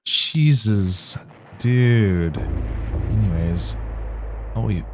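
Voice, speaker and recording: A man's voice: lowish voice, extremely slow, darkish tone, slight background noise. A man hosting a horror game let's play, casually reacting and reading in-game text aloud, apologizing for his own slips. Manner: casual, self-deprecating, reacts and apologizes for misreads. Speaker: gaming channel host.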